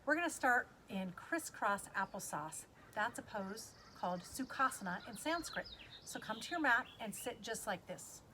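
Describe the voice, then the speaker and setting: Upbeat woman teaching kids yoga, high voice, a little faint hiss behind. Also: expressive, moderate pace, bright, forceful tone. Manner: upbeat, playful cueing with animal sounds. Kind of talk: guided kids yoga class.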